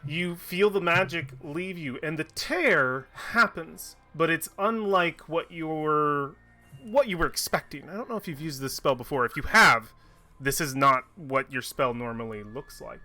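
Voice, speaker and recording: A man narrating as game master of a tabletop game, describing scenes in a measured way with occasional searching pauses. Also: on the high side, pushed and bright.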